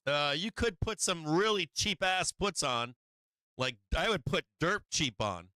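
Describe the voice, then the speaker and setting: A man hosting a stock market livestream, talking through trades in a blunt, profane, animated way and mocking big-money traders. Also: fairly high pitch, unhurried, smooth, no room sound. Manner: blunt, swearing, animated with mock quotes of traders. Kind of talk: casual profane market commentary.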